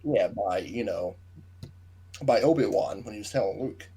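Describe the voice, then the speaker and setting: Husky-voiced man chatting on a podcast. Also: lowish voice, animated, normal speed, mellow. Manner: explains plot details at length, trailing off into asides. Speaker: podcast co-host. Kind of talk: casual book discussion chat.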